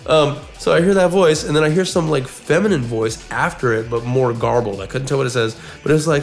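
A man's voice: medium pitch, brisk, few pauses, soft background music. A man co-hosting a casual podcast, telling a long story and often repeating words as he goes. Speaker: podcast co-host.

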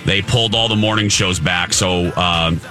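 A man's voice: low-pitched, normal speed, sharp tone, faint music behind. A man hosting a morning radio show, chatting casually and playfully with his co-hosts.

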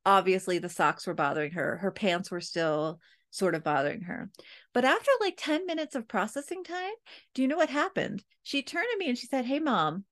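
A woman's voice: medium pitch, lively intonation, moderate pace, a bit bright. A woman in her thirties, a parenting coach, casually telling a personal story to her listeners, chatty and full of fillers. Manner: chatty, frequent "like" and "you know", addresses listeners directly.

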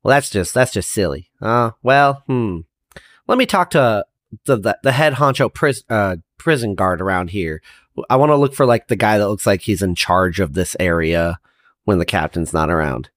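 A man's voice: fairly low pitch, lively intonation, normal speed, a bit bright, no echo, studio quality. A man playing a tabletop game, talking in a folksy, rambling way. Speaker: player. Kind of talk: casual tabletop play.

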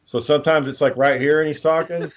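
A man's voice: on the high side, steady tone, quick pace, highs cut off. A man telling dry, profane anecdotes in casual podcast chat. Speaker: co-host.

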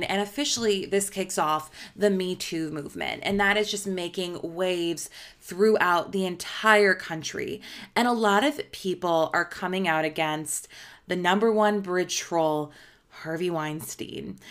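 A woman's voice: lowish voice, a bit bright. A woman from Illinois hosting a podcast, telling a story in a chatty, gossipy way full of filler words. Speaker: podcast host. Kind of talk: casual storytelling recap.

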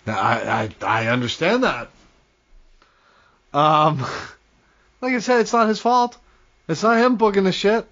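A man's voice: sits high, takes it slowly, pauses often, fairly bright tone. A man co-hosting a podcast in casual chat, laid-back, swearing casually and laughing often. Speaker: podcast co-host. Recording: dull lo-fi podcast audio.

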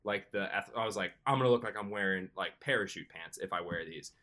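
A young man co-hosting a podcast tells a long, animated story in a casual way, often slipping into excited quoted self-talk. His voice is low-pitched and fast.

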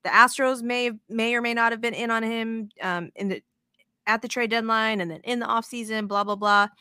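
Bright-voiced excitable woman podcast host. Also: on the high side, normal speed, clean tone, no room sound, clean studio sound. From moved to Texas as an adult. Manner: excitable, rambling, swears. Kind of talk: casual chat.

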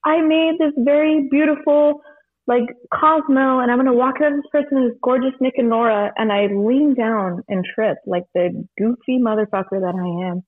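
A woman who works as a bartender, co-hosting in casual chat, telling animated stories, acting out quotes and swearing freely. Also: fairly high pitch, moderate pace, phone-quality sound. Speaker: bartender, podcast co-host.

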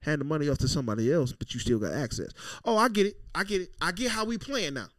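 Loud, profane man, slightly high voice. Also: expressive, quick pace, no room sound. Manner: loud, profane, storytelling with acted-out quotes. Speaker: podcast co-host. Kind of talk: casual podcast banter.

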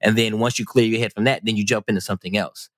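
A man with a slightly low voice talks through a casual podcast conversation. He is animated and rambling, full of restarts and fillers, and his voice sits dry and close to the mic. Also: fast talker, dry recording. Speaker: podcast co-host.

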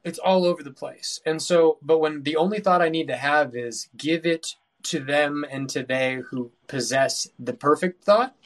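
A man's voice: fairly high pitch, moderate pace, hardly any pauses. A man chatting casually on a podcast, rambling and restarting his sentences.

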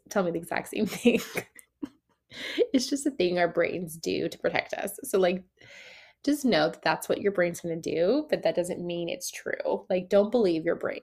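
A woman's voice: on the low side, a little mellow. A young adult woman hosting a solo podcast, chatting casually with many "like"s, laughing often and acting out dialogue. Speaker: podcast host, esthetician coach.

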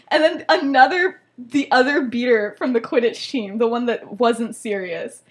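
Giggly higher-voiced woman podcaster. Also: moderate pace. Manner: giggly, lots of "like" and "um". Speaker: podcast co-host. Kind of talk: casual storytelling chat.

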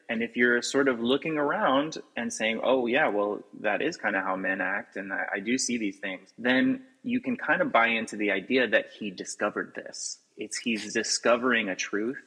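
A man in casual podcast conversation, talking in an animated, emphatic way and laughing often. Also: on the low side, husky, rough recording. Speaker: podcast guest. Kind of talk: casual critical chat.

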